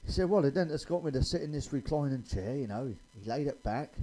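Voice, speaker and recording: A man's voice: medium pitch, animated, fast, mellow, a little hiss or hum, rough recording. A man telling blunt, sweary stand-up jokes in a chatty way. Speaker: stand-up comedian.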